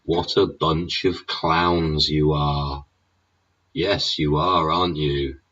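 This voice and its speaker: A man's voice: rumbling low, little pitch movement, takes it slowly, fairly bright tone, distant mic. An English man in a sweary, sneering political rant, throwing in "yeah?" and "innit?" as he goes. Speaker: vlogger. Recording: dull sound, away from the mic.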